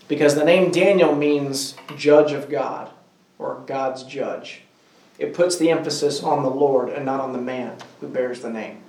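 A man leads a Bible study in a meeting room, asking his small group questions and drawing out key words slowly. His voice sits a little high and is picked up from some distance, with a roomy echo around it. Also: darkish tone. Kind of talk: interactive Bible class teaching.

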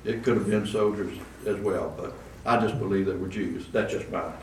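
A man's voice: sits low, fairly even intonation, moderate pace. A man preaching a conversational sermon, with asides and restarts, recorded in a church. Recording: roomy echo, distant mic, faint room noise.

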